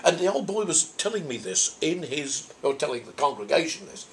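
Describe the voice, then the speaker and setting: Fielding audience questions as a convention guest, this older Norfolk priest speaks in a fairly high, very animated voice, a little fast with few pauses. His answers are thoughtful but rambling, full of restarts.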